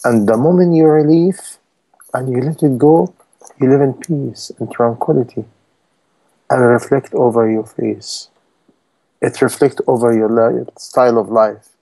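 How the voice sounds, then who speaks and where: A man's voice: medium pitch, unhurried, gravelly, mellow. A man preaching a sermon in non-native English, emphatic and full of rhetorical questions to his listeners.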